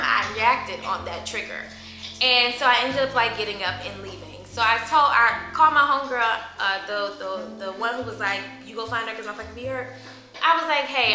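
A woman vlogger in telling a story to the camera in a lively, profane way, acting out what others said. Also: fairly high pitch. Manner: animated, profane, acts out quoted voices. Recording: echoey room with loud music behind.

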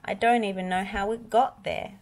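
A woman voicing an upset male tractor in a storybook, pleading softly. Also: mid-range voice, fairly even intonation, moderate pace, pitched above the performer's own voice, lightly acted. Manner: pleading, soft.

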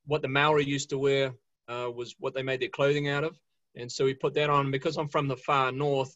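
A man's voice: medium pitch, pushed and bright, dry recording, muffled recording. A man with a New Zealand accent, a winemaker telling chatty, jokey stories at a live online tasting. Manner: chatty, jokey, swears, mimics voices in anecdotes. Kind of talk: casual storytelling at a live virtual tasting. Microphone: video call.

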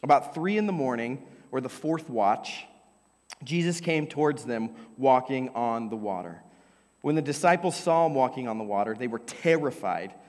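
A young adult man preaching a sermon into a microphone, telling the story with lively energy and sometimes dropping to a whisper. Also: mid-range voice, normal speed. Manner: animated storytelling preacher, drops to a whisper for emphasis. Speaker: pastor. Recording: long hall reverb.

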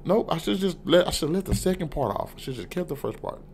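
A man's voice: fairly high pitch, lively intonation, fast, a little mellow, slightly rough. Loose-talking profane male TV reviewer. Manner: loose, profane, rambling, frequent "you know what I'm saying". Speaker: TV episode reviewer. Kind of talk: casual unscripted review vlog.

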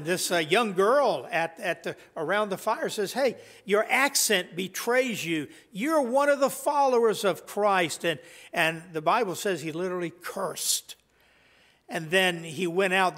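A man preaching a sermon as pastor, conversational and halting, with frequent restarts and fillers. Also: sits high, a bit bright, in a large hall. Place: church sanctuary.

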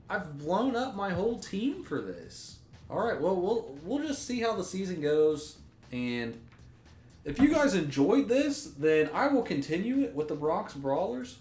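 A man's voice: high-pitched, big pitch swings, a little slow, a little mellow. A young man giving gameplay commentary, ranting in exasperation, swearing and restarting his sentences. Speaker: gaming YouTuber. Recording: roomy echo with faint music.

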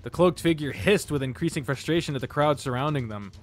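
A man narrating a fantasy visual novel in a fairly high voice, breaking off for casual, swearing remarks along the way. Faint music plays underneath. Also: a little fast. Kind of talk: reading a visual novel aloud with commentary.

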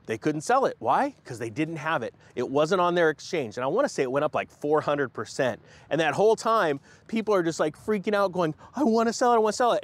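A man hosting a casual crypto vlog in an animated, joking manner. His voice sits a little high and bounces up and down a lot as he talks. He likes to slip into mocking put-on voices when he makes fun of a company. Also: dry recording. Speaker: host of a crypto finance channel.

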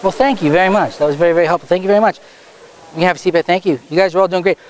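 A quick-talking man runs a stage hypnosis show on a school stage, his voice sitting a little high for a man. He teases and directs his volunteers in a brisk, commanding way, then sinks into slow, low suggestions to put them under. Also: slight background noise, rough recording. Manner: drops to slow, low suggestion when putting people under. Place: high school stage before a student audience.

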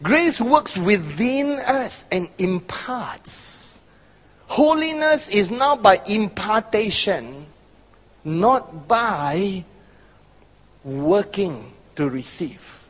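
A man's voice: high voice, very animated, slightly rough. A man preaching a sermon, stretching out key words and then pressing hard on others. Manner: emphatic, drawn-out phrasing with bursts of force. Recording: hall reverb.

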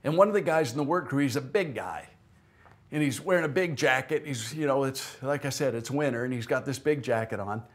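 A man's voice: medium pitch, fairly quick. A man preaching a sermon as pastor, telling a story in a conversational way and acting out the people in it. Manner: conversational, tells stories with acted-out quotes. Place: church.

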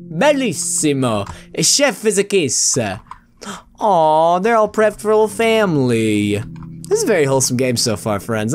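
A man's voice: mid-range voice, slight background noise. A man hosting a let's play video, joking around and talking to viewers as friends while he plays. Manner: playful, jokey, often addresses viewers as friends. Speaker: gaming video host.

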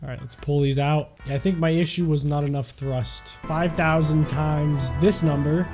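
A young man commentating on his own gameplay, excitable and yelping when things go wrong. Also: a little high, moderate pace, music in the background. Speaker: gaming YouTuber. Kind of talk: game commentary.

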